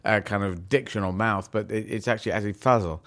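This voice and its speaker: A man, a comedian and actor guest on a radio show, telling stories in a rambling, animated way. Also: on the low side, fast. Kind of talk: radio interview.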